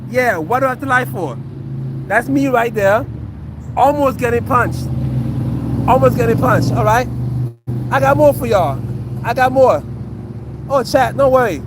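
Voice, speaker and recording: Brief: former fighter, 40s man, streaming to chat, high-pitched, defensive and sarcastic, repeats himself a lot. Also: background noise. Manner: defensive, sarcastic and repetitive, addressing chat and a heckler. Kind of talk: casual livestream chat to viewers.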